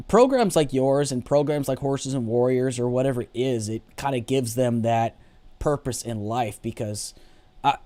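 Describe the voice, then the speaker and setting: A man hosting an interview, speaking earnestly and haltingly with many fillers. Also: mid-range voice, mellow. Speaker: host. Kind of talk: casual interview chat.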